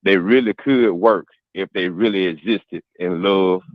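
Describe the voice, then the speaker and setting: A man's voice: low-pitched, measured pace, no echo, phone-quality sound. A man on a radio panel giving an earnest opinion, thinking aloud as he talks.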